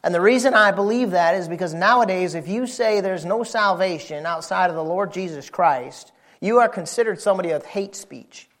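Man, preacher, high voice, folksy storytelling sermon, emphatic. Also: normal speed, few pauses, fairly bright tone.

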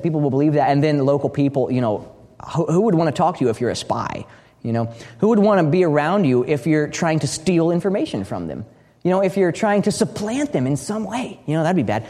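A man from the United States gives a teaching talk and tells his stories with energy, often repeating words as he restarts a thought. His voice sits a little high. The sound rings out with the long reverb of a big hall. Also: warm tone. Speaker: speaker at a training session. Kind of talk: teaching talk with a told story.

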